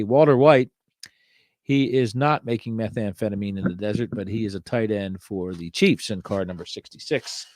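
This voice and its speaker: A man's voice: fairly low pitch, moderate pace, darkish tone, no room sound, studio quality. A middle-aged man hosting a sports card show, reviewing old cards in a casual, wry way with many fillers and joking asides.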